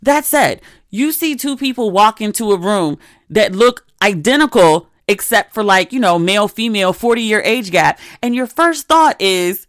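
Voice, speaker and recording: A woman in her forties hosts her own podcast and talks straight to listeners in a candid, chatty storytelling manner. Her voice sits at a middle pitch. The recording is close and dry, with no room sound. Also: lively intonation, normal speed, dry recording. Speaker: podcast host. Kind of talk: casual solo podcast chat.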